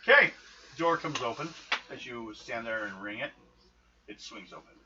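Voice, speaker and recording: Brief: a male game master narrating a tabletop session, animated pitch, dull lo-fi audio. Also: very noisy. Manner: lively, brisk and questioning. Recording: dull lo-fi recording, faint music behind.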